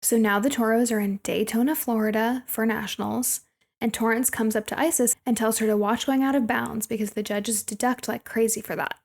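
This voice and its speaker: This young woman's fairly high voice is gravelly, with fairly even intonation and a slightly fast pace. As a co-host on a movie podcast, she recaps a film in a relaxed chat, frequently laughing and acting out quotes.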